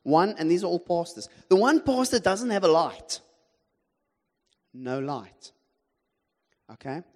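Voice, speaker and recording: South african guy preaching, animated and funny, voice a little high, long echo in a church hall. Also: slow pace. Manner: animated, humorous, questions the audience. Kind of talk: sermon with personal storytelling.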